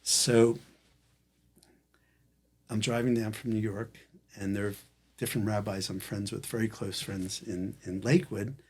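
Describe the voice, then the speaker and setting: A man with a low, husky voice tells a personal story in casual conversation. He acts out each person's lines as he goes, switching between them with animated delivery. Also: measured pace, pauses often. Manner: animated storyteller acting out quoted dialogue. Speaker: guest.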